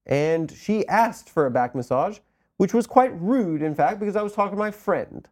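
Lively-pitched man joking on a podcast. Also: normal speed. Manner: teasing, deadpan jokes, excitable outbursts. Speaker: podcast host. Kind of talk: comedic banter.

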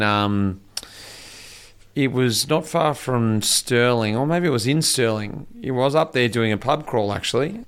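A man, a former pro cyclist, chatting casually and telling lively anecdotes. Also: medium pitch, clear, resonant tone. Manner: chatty storyteller, colourful quoted voices. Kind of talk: casual chat.

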